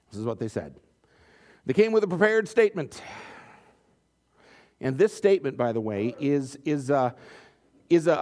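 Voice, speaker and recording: A man's voice: on the high side, darkish tone. A man preaching a sermon, reading scripture and acting out the quotes with joking asides. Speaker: pastor.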